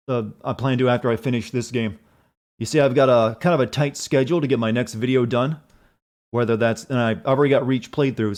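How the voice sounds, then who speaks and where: A man's voice: medium pitch, a little mellow. A man streaming a video game, chatting casually, answering chat messages in a rambling, profane way.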